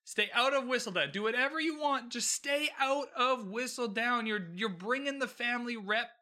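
Brief: a man doing an exasperated eldest brother, pleading and swearing, in a bright, high voice. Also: moderate pace, full character voice. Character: exasperated eldest brother, male head of family.

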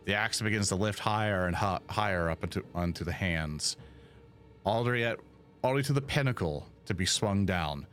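A man's voice: deep voice, normal speed, soft background music. Man game master narrating a tabletop scene. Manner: lively scene narration with sound effects.

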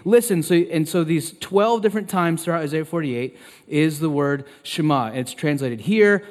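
A man in his thirties preaching a sermon as pastor, turning loud and emphatic when he quotes scripture. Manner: emphatic, loud and high when quoting God. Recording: long reverb of a large hall.

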